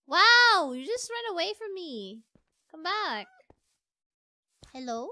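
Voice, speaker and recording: A woman streamer with a very high, bright voice, chatting through gameplay in an unhurried way. She is excitable, coaxing and pleading, and she talks to an animal as if it were a pet. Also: no echo. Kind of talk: casual gameplay commentary.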